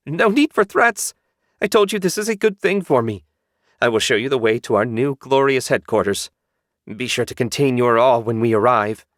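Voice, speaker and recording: A man's voice: medium pitch, expressive, normal speed, no echo, studio quality, pitched above the performer's own voice, natural voice. A man voicing a bitter, sarcastic male demon servant with a grumbling, whiny manner in an audiobook. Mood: shrill sarcastic. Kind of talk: audiobook character voice.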